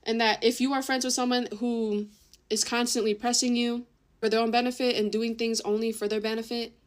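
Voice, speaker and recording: A woman's voice: a little high, little pitch movement, brisk. A young woman casually telling a story, chatty and full of swearing and "like". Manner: chatty, swears a lot, says "like" constantly.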